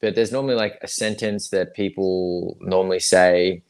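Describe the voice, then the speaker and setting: Young aussie guy, deep voice, rambly livestream chat full of ums. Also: steady tone, moderate pace, a little mellow, clear, resonant tone. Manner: rambling, frequent fillers and restarts. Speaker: guest actor.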